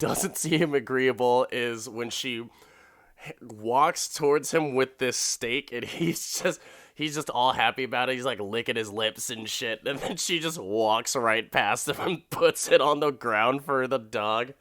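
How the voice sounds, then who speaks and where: A man's voice: mid-range voice, measured pace, fairly bright tone, no room sound, clean studio sound. Profane, laughing man recapping. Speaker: podcast host. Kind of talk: comedic episode recap.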